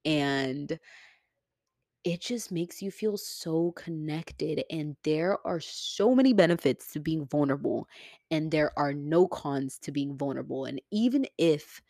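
Young woman podcaster, low voice, super earnest and emotional, swears casually, dry close mic. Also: expressive, measured pace, warm tone, dry recording. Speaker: podcast host. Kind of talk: solo podcast talk.

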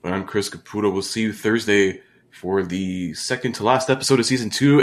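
A man's voice: lowish voice, brisk. A young man co-hosting a podcast, rambling casually through a song review with lots of fillers. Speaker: podcast co-host. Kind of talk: casual music review chat.

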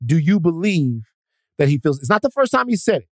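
A man's voice: on the high side, big pitch swings, a little fast, no room sound, clean studio sound. A man co-hosting a podcast who probes and pushes back with questions. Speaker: podcast co-host. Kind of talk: casual chat.

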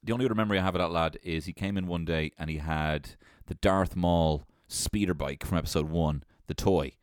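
A man's voice: sits low, a little fast, clear, resonant tone, dry recording, studio quality. A young man casually telling a funny childhood story, swearing freely and breaking into laughter. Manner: animated, swearing, laughing often.

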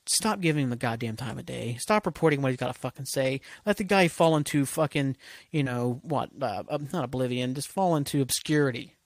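A man's voice: mid-range voice, a little fast, no echo. A man hosting a solo podcast, ranting casually with constant swearing and rambling asides. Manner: profane, rambling, heated. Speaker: podcast host.

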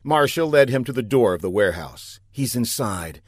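A man narrating a comic story with a deadpan, pun-heavy delivery. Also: mid-range voice, brisk, no room sound, studio quality.

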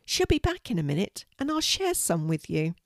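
A woman's voice: mid-range voice, very animated, normal speed, no room sound, studio quality. A woman voicing a cheerful, kind young girl in a storybook reading, eager and polite.

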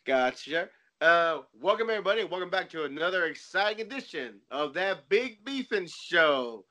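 A man's voice: high-pitched, sing-song, moderate pace, sharp tone. A man in his forties hosting a podcast, chatting casually and rambling through loose stories. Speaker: podcast host. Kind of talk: casual chat.

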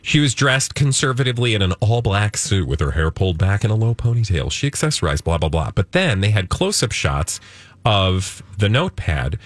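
A man's voice: on the low side, sing-song, fairly quick, no room sound. A man co-hosting a podcast in casual comedic chat, playful and mock-outraged. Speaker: podcast co-host.

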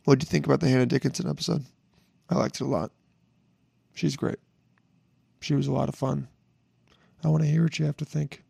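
A young man hosting a casual podcast, hoarse from a lost voice, rambling and joking with plenty of swearing. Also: medium pitch, fairly even intonation, a little fast, pauses often, mellow, no echo. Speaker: podcast host. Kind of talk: casual solo podcast intro.

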